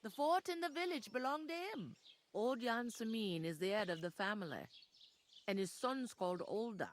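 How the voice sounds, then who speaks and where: A woman's voice: a little high, expressive, moderate pace, close to an everyday voice. Game tavern keeper, woman, Yorkshire accent, blunt and folksy, acted by a woman. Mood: matter-of-fact. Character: brusque village tavern woman, practical.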